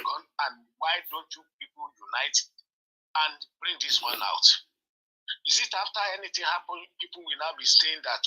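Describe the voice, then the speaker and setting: A man calls in to a show, tearful and emotional, speaking in a halting, pleading way. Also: on the high side, big pitch swings, sharp tone, husky. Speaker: caller. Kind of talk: call-in comment. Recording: phone line.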